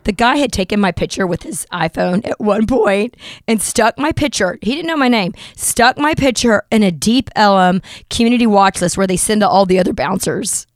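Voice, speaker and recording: A woman's voice: mid-range voice, animated, normal speed, no room sound, studio quality. A woman, hosting a podcast and animatedly telling an anecdote, acting out the voices of the people in it. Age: 40s. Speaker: podcast host. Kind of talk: casual storytelling chat.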